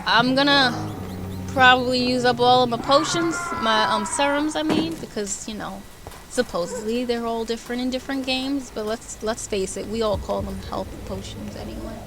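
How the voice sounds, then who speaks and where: A woman's voice: fairly high pitch, normal speed, noisy background. A woman streamer giving casual live commentary over a game, exasperated and talking back at the enemies on screen. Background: loud game music.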